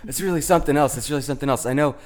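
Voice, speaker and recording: A man's voice: on the high side, racing, lightly acted. A man playing an awkward radio talk-show host who fumbles and stammers through an improv comedy interview.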